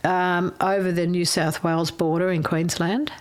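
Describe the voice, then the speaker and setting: A woman's voice: fairly low pitch, little pitch movement, moderate pace. Rambling middle-aged woman. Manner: rambling storyteller, laughs often. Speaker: former chef. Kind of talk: casual reminiscing chat.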